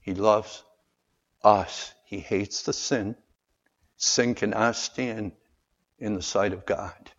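Husky-voiced preacher swinging loud to soft. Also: male voice, lowish voice, steady tone, slow, pauses often. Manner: swings from loud calls to quiet, earnest asides; calls for amens from the congregation. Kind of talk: sermon. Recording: dull lo-fi sound.

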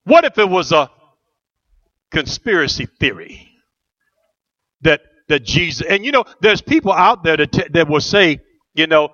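A man's voice: fairly high pitch, sing-song, unhurried, long pauses, bright, forceful tone, highs cut off. A middle-aged man preaching a rousing sermon as pastor, asking the church questions and answering them.

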